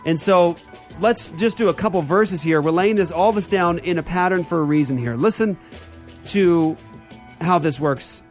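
A man's voice: on the high side, moderate pace, soft background music. A man hosting a church talk show, teaching theology in an emphatic style and repeating key phrases.

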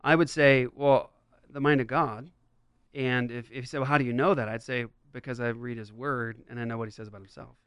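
A man's voice: steady tone, fairly quick, clear, resonant tone, no room sound. Emphatic man hosting a commentary show. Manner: emphatic, wide swings in pitch and loudness. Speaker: podcast host. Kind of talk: commentary on a played interview clip.

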